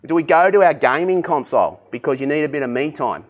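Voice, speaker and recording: Man, pastor, conversational sermon, fairly high-pitched. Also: fast. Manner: conversational, energetic preaching with direct questions to the congregation.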